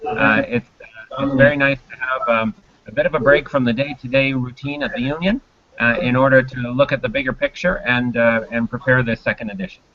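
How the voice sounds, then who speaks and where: A man's voice: medium pitch, steady tone, a little fast, muffled recording, noisy background. A man speaking as an economist guest on a video call, answering in a hesitant way with many fillers. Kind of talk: remote interview answers.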